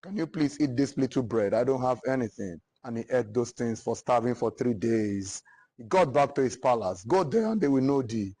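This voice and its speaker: A man's voice: animated, normal speed, dark tone, breathy edge. A man with a Nigerian English accent, a literature teacher retelling a long narrative poem to students and acting out the characters' lines. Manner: dramatic storytelling, acting out the characters' lines with rising pitch and force.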